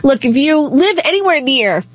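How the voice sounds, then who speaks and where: A woman's voice: high-pitched, big pitch swings, moderate pace, dry recording. A woman with a nasal voice hosting a talk show, giving casual, sarcastic political commentary and laughing often.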